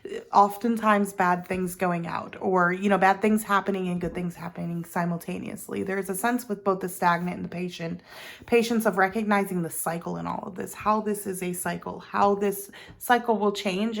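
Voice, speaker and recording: Woman tarot reader, casual chatty delivery with fry, lots of ums and restarts. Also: medium pitch, fairly even intonation, moderate pace. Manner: chatty, meandering, with many ums and self-corrections. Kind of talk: casual pick-a-card tarot reading.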